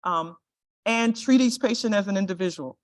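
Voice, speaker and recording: A woman's voice: mid-range voice, normal speed. A middle-aged woman giving a lecture presentation to health professionals, earnest and direct, often checking in with "right?". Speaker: guest speaker, compliance and privacy officer.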